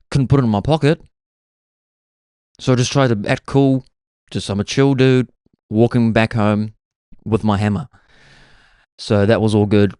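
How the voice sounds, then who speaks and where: A man's voice: lowish voice, fairly even intonation, measured pace, pauses often, a little mellow, clear, resonant tone, no echo, studio quality. A young man, hosting a podcast and musing through a laid-back, self-mocking comic monologue. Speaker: podcast host.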